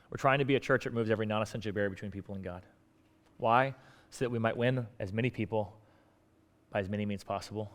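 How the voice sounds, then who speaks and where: A male pastor preaching a sermon in a conversational way, acting out bits of dialogue. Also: on the low side. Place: church sanctuary. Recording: long hall reverb.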